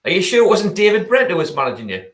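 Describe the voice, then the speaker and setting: Joking host in an echoey room. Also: male voice, sits high, sing-song, fast, a little hiss or hum. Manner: jokey, reading out viewer questions. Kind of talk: hosting a live fan talk-in.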